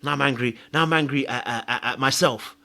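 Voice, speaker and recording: A man's voice: medium pitch, brisk, vocal fry, pushed and bright. A man hosting a podcast, giving emphatic, confessional dating advice. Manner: emphatic, confessional, acts out own thoughts. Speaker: podcast host and dating coach. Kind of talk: animated advice monologue.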